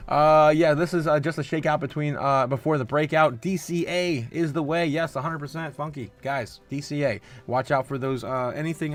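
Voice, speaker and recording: A man hosting a casual crypto livestream, reading chat aloud, laughing often and breaking into loud bursts of hype between rambling, filler-heavy commentary. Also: medium pitch. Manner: frequent filler uhs and restarts.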